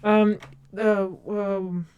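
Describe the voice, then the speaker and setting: Fast, rambly young woman streamer. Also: mid-range voice, level tone, a little mellow, highs cut off, slight background noise. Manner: rambling, fast and talkative with many fillers. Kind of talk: casual live-stream chat. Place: home streaming setup.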